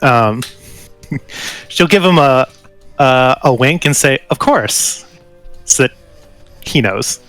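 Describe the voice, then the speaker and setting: Man, tabletop player, casual, halting, smooth voice, faint music behind. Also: medium pitch, fairly bright tone. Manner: laughing, halting, describing his character's actions.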